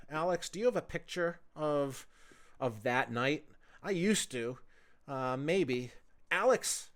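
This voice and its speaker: A man's voice: medium pitch, a bit bright. A man in his forties hosting a solo podcast, telling stories in a loose, profane, chatty way. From United States. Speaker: podcast host. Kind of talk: rambling solo podcast storytelling.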